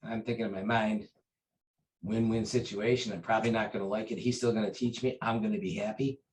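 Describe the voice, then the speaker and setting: A lower-voiced man tells a long personal story in an interview, speaking earnestly and haltingly. He often stops and restarts with fillers, and a faint hiss sits behind him. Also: fairly even intonation, darkish tone, low-quality recording. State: briefly choked up. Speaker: interview guest, taekwondo master. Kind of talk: conversational storytelling.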